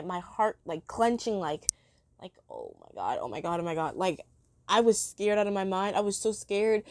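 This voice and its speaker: A woman's voice: fairly high pitch, no room sound. A woman giving a casual spoken review, chatty and rambling with many fillers and restarts, laughing often.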